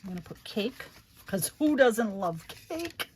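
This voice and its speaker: A woman's voice: mid-range voice, sing-song, a little slow, slight background noise. A middle-aged woman hosting a crafting livestream, chatting casually and fondly, calling viewers honey and rambling with many fillers.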